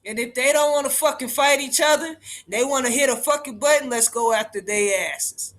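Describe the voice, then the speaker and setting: Man livestreaming, very high and bright voice, cursing and hammering his points home. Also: moderate pace. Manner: profane, emphatic, repeating lines for force. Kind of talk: impassioned livestream rant.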